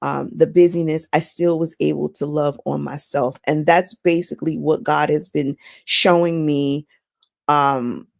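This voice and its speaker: A woman hosting a casual, faith-based personal talk, chatty and animated, often repeating words as she goes. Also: low-pitched, creaky. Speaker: inspirational vlog host.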